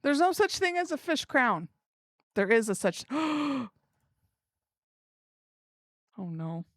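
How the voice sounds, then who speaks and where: A woman's voice: on the high side, big pitch swings, measured pace, fairly bright tone, no echo, studio quality. A young woman streaming live, chatting casually to her viewers and giggling as she works things out. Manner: giggly, chatty, talks to herself while working. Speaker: livestream streamer.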